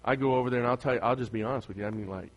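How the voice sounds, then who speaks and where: A man preaching a sermon as pastor, asking his congregation questions and swinging from loud emphasis to soft, quiet asides. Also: mid-range voice, racing, muffled recording.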